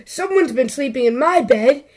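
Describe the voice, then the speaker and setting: A woman's voice: high-pitched, expressive, moderate pace, a little mellow. A woman voicing a small young bear cub with a plaintive tone. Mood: upset.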